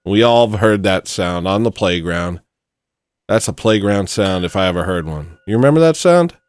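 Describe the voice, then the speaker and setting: Reading super chats aloud, a man hosting a livestream jokes around and rambles as he thanks viewers for their donations. He speaks at a moderate pace in a low-pitched voice, with no echo on the recording.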